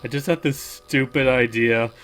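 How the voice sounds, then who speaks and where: A man's voice: mid-range voice, steady tone, fairly bright tone. A man chatting on a game commentary, hesitant, restarting his sentences and trailing off. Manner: halting, restarts and trails off with fillers. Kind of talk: casual game commentary chat.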